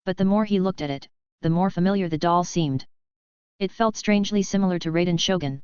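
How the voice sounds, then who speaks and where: A woman narrating a web novel audiobook in a steady, even reading voice. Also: on the low side, a little fast, clean tone, dry recording, dull audio.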